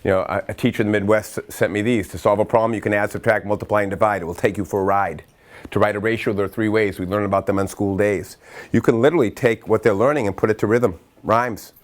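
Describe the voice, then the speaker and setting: A middle-aged man from Massachusetts giving an energetic training talk to educators, telling stories in quick bursts with self-interruptions and acting out quotes. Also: on the low side. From Massachusetts, USA. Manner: lively storyteller who acts out quotes and breaks into chanting. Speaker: workshop speaker for educators.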